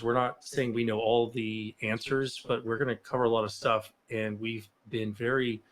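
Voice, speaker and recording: A man hosting a casual podcast as a martial arts instructor, with a loud, booming, theatrical voice and animated delivery on a close mic. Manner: animated, breaks into loud shouted impressions. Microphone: close studio mic.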